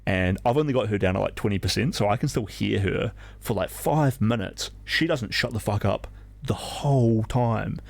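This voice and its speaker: A man's voice: fairly low pitch, creaky, no echo. A young man streaming live who tells a story casually, rambling with constant fillers and swearing freely. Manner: rambling, filler-heavy, profane.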